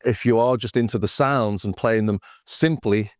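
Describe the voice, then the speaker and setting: A man's voice: lowish voice, normal speed, no echo, clean studio sound. A man casually demonstrating drum machines, thinking aloud as he works through settings and numbers. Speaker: synth demo host.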